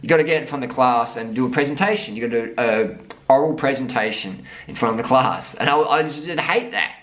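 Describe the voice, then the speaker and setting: A man's voice: medium pitch, a little fast, a bit bright, low-quality recording. An Australian man in his thirties, talking to camera in a blunt, profane, emphatic motivational rant mixed with storytelling. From South Australia. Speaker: vlogger.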